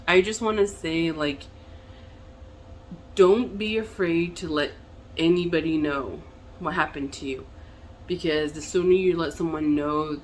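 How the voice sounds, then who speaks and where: A woman's voice: low voice, a little hiss or hum. Hesitant young woman vlogging candidly. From Navajo Nation. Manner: hesitant and candid, many fillers and restarts. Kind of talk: casual personal vlog.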